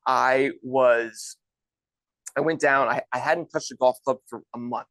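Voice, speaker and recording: Relaxed guest in his thirties, rambling anecdotes, mid-pitched, dry sound. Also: unhurried, dry recording, rough recording. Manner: chatty, loose, many restarts and "like". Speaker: guest, golf instructor and former pro golfer. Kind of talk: casual storytelling.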